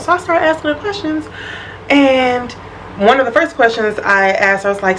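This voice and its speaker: Animated woman telling a story. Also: fairly high pitch, moderate pace, slight background noise, rough recording. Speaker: vlogger. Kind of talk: storytime vlog.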